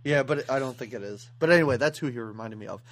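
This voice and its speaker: A woman co-hosting a podcast, chatting casually about a movie in an animated, wry way. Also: rumbling low, fast. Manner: animated, wry, quotes characters in put-on voices. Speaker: podcast co-host.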